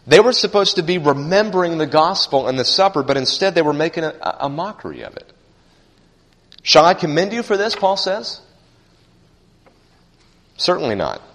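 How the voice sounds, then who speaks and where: A man's voice: fairly high pitch, fairly bright tone. A male pastor preaching a sermon, earnest and emphatic, repeating phrases for stress. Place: church sanctuary. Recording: church sanctuary with long reverb.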